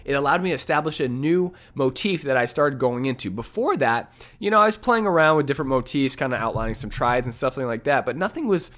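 A music teacher casually breaks down his recorded piano solo, scatting rhythms aloud and often asking "right?", as faint piano plays underneath. His medium-pitched voice is animated, brisk, and fairly bright, with few pauses.

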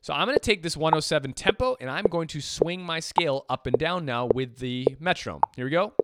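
A man's voice: fairly high pitch, lively intonation, a little fast, a bit bright, no echo, studio quality. A man teaching jazz swing feel, explaining patiently and counting beats aloud. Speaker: music teacher. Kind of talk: instrument lesson.

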